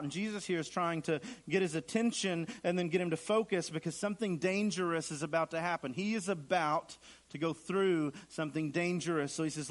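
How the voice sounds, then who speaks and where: A man's voice: fairly high pitch, brisk. A man preaching a sermon in an earnest way, repeating phrases for emphasis and acting out the lines he quotes. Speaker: pastor.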